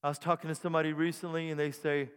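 A man preaching a sermon as pastor, animated, rising into shouted bursts and pulling back down. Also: a little high, rapid-fire, clean tone. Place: church sanctuary. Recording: long reverb in a church hall.

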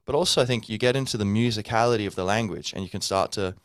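Low-voiced man rambling casually. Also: fast, no room sound, studio quality. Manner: rambling, loose, full of fillers. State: tired from little sleep. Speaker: podcast host.

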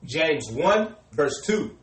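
A man reading scripture aloud in a slow, measured way. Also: on the high side, sing-song. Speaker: scripture reader. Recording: distant and echoey.

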